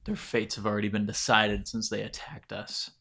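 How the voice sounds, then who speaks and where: A man's voice: fairly low pitch, little pitch movement, moderate pace, creaky, sharp tone. A man playing a tabletop game, giving terse in-character replies. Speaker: player.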